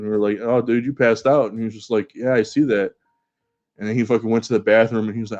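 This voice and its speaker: A man's voice: on the low side, steady tone, rapid-fire, darkish tone, faint music behind. Young man, rambling and profane, casual storytelling, dull lo-fi audio. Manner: rambling, profane, laughs between lines. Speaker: podcast co-host. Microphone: remote stream call.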